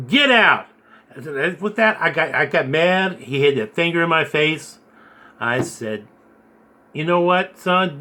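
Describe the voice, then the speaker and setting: A man earnestly recounting a dream and preaching in a rambling, halting way, repeating his words. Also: fairly high pitch, pushed and bright. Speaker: video blogger recounting a dream. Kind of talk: earnest spoken storytelling and preaching.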